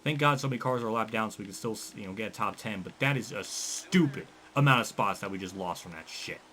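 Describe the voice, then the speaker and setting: Fuming, foul-mouthed racing gamer. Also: male voice, lowish voice, fast, slight background noise. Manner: frustrated, swearing, yelling in bursts. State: out of breath. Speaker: racing game streamer. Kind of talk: angry gameplay commentary.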